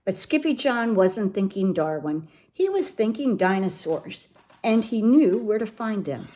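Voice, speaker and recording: Animated woman reading a storybook aloud. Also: mid-range voice, measured pace. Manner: expressive and animated. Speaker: storybook reader for children. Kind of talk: reading a picture book aloud.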